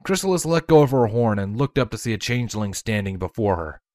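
A woman's voice: very deep voice, darkish tone, no echo, clean studio sound. A woman narrating a fan-fiction story aloud, reading expressively and voicing every character.

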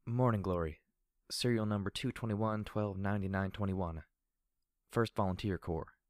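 A man voicing a fragile young female pegasus soldier, speaking in a soft, buzzing drawl that turns shaky and halting. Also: on the low side, fairly even intonation, no room sound, studio quality, close to an everyday voice. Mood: soft, subdued. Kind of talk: audiobook character reading.

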